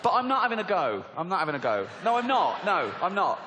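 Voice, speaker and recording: An English man in his forties doing a mocking, animated stand-up comedy routine on a theatre stage. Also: fast talker, slight background noise. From England. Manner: animated, mocking, slips into squeaky put-on voices. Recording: live hall with reverb and crowd.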